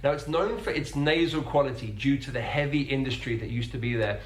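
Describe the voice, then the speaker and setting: Man, pronunciation teacher; explanatory narration, careful sound demos, roomy recording. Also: mid-range voice. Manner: demonstrates sounds slowly and carefully. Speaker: English accent teacher.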